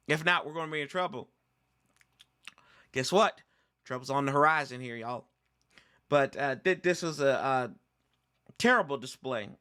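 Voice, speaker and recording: A high-voiced man, hosting a fan sports stream. His tone is bright and sharp, and he rants with exasperated energy, calling his viewers y'all. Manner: animated, exasperated ranting, addresses viewers as y'all. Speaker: sports podcast host. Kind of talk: casual fan commentary.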